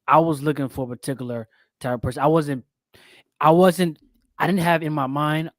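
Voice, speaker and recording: A man's voice: a little high, steady tone, a little fast, no room sound. A man co-hosting a casual podcast, talking earnestly and often stammering and repeating words. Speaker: co-host.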